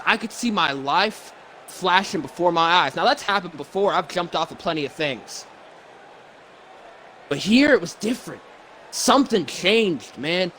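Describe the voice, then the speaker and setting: Man doing a worn-out emotional wrestler, halting, stammering, slightly high voice, faint hiss behind. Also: bright, forceful tone, full character voice. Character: weary, emotional male wrestler, middle-aged, soft-spoken. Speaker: fan performer voicing a pro wrestler. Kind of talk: wrestling promo role-play.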